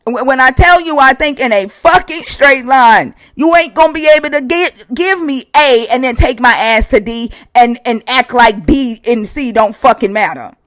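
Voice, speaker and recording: High-voiced profane man grilling a caller. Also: normal speed, few pauses, fairly bright tone, dry recording. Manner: profane, interrogating, repeats questions insistently. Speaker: stream host. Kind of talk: heated debate on a live stream.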